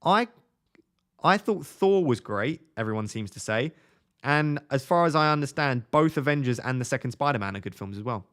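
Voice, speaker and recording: Young male streamer, mid-pitched, casual and chatty, answers live chat. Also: lively intonation, moderate pace, fairly bright tone. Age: 20s. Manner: chatty, reads viewer comments aloud and answers them.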